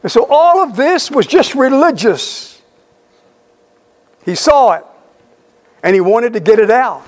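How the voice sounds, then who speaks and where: A man's voice: extremely high pitch, lively intonation, a little slow. A middle-aged man preaching a sermon, telling a story emphatically with repeated phrases.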